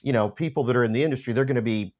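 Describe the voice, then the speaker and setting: A middle-aged man telling a story in relaxed chat, lively and expressive. He stumbles through restarts and then hits key words hard. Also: mid-range voice, very fast. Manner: animated storyteller, many restarts. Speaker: podcast co-host telling a story. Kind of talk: casual anecdote chat.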